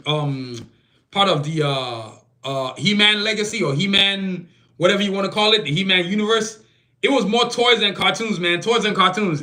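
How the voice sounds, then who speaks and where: A man hosting a solo podcast, talking casually with slang and heated, opinionated asides. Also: fairly high pitch. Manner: animated, slangy, opinionated rants. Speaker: podcast host. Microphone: phone camera.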